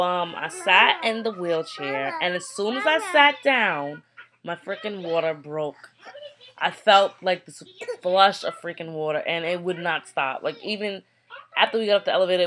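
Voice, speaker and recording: A young woman casually telling a personal story to camera, animated and chatty, acting out what people said. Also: on the low side, normal speed, a little hiss or hum. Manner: chatty, animated retelling with quoted voices. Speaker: vlogger.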